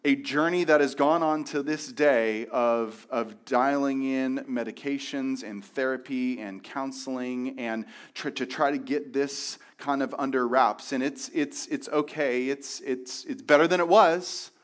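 Man preaching in a halting, candid way. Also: mid-range voice. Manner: candid and halting, with frequent restarts and repeated words. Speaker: pastor. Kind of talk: sermon.

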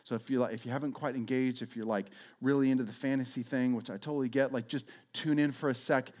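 A man's voice: medium pitch, steady tone, quick pace, a little mellow. A man giving a conversational sermon as a pastor, with frequent stammering restarts, acting out voices as he goes.

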